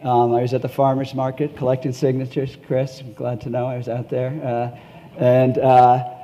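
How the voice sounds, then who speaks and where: A man's voice: mid-range voice, normal speed, highs cut off, slight background noise. A middle-aged man speaking on a conference panel in a hotel ballroom, telling stories with chuckles. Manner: animated storytelling with chuckles.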